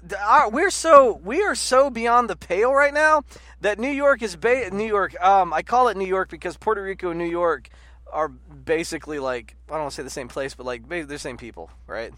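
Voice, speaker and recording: A man in casual political chat, rambling and animated with lots of "like" and restarts. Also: high voice, moderate pace, dry recording. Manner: rambling, animated, heavy use of "like".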